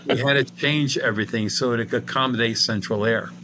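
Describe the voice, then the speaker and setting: Guesting on a podcast, this middle-aged medium and paranormal investigator relates a lengthy anecdote and performs the characters' lines. He speaks briskly in a steady, mid-range voice, with noise in the background.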